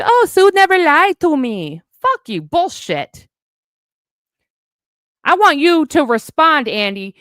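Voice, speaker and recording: A woman's voice: on the high side, fairly bright tone, no room sound, clean studio sound. A woman in a heated, profane livestream rant, sarcastic as she calls out her online critics. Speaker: streamer addressing online critics.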